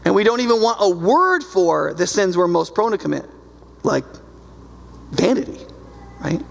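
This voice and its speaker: A man's voice: high voice, animated, moderate pace, vocal fry. A male pastor preaching a sermon in a loose, conversational way, often checking in with his listeners. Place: church sanctuary. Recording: long hall reverb from a church.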